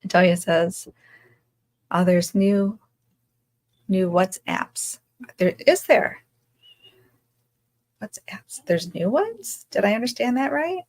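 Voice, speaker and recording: A bubbly, effusive woman chats casually on a self-care livestream. She greets viewers warmly by name and reads their comments aloud in a middle-pitched voice. She is picked up on a computer or phone mic. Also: low-quality recording.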